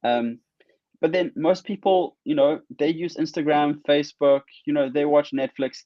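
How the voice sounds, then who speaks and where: An excitable, rambling man on a muffled call. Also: fairly high pitch, moderate pace, no echo. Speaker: guest artist. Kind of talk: casual interview chat. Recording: muffled dry audio.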